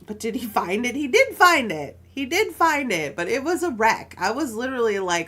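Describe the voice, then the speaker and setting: A woman's voice: fairly high pitch, very animated, normal speed, hardly any pauses, bright, forceful tone. A woman casually chatting while she crafts jewelry on a live stream, telling stories with frequent laughs and asides.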